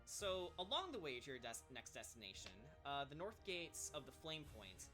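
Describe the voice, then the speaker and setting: A game master narrating a tabletop adventure, rambling with lots of ums and soft laughs. The voice is bright and the pitch moves a lot. Quiet music plays underneath. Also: big pitch swings, moderate pace.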